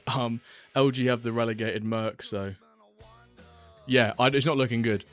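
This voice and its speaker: A man's voice: medium pitch, fairly even intonation, measured pace, fairly bright tone. A man hosting a casual live stream, rambling and reading out viewer messages. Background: faint background music.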